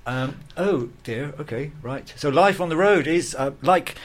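A man's voice: on the high side, animated, unhurried, a little hiss or hum. A man hosting a casual interview, talking in a rambling, chatty way with lots of fillers. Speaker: radio host.

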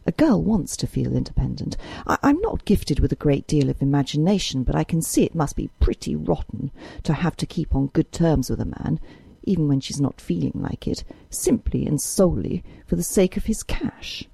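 Audiobook role: a woman doing a blunt young man, low-set and dark, plain-spoken and practical. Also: sing-song, normal speed, gravelly, slightly rough, no echo, exaggerated voice. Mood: earnest. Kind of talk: audiobook character reading.

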